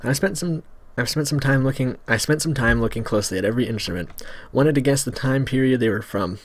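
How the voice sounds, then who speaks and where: A man's voice: mid-range voice, quick pace. Casual man reading a game aloud. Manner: casual, joking asides, stumbles over words. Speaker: Let's Play host. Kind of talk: reading a visual novel aloud with commentary.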